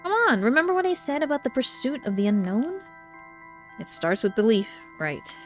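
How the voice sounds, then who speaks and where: A woman's voice: fairly high pitch, big pitch swings, moderate pace, faint music behind. A woman streamer reading game dialogue aloud and reacting, easily frightened and jumpy. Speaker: streamer playing a horror visual novel.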